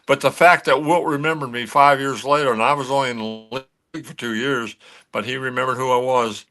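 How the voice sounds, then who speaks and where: An older man telling a story with a bright, forceful edge to his voice. He talks in an animated way, often stumbling and restarting mid-sentence, like a former athlete swapping old memories on a sports show. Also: medium pitch, brisk. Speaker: guest, former pro athlete.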